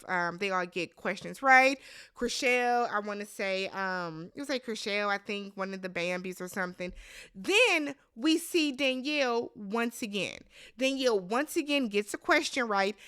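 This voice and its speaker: A woman recapping a reality show in a casual vlog, with a bright, forceful voice sitting a little high for a woman. She talks bluntly and with open exasperation, swears freely, and breaks into shouted mock reactions. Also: smooth.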